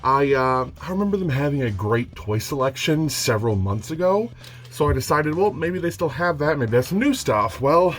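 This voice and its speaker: Young dude rambling about his movie haul at home, excitable, faint music behind. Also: mid-range voice. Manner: rambling, self-mocking, excitable. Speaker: DVD collector vlogger. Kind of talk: casual vlog chat. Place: home room.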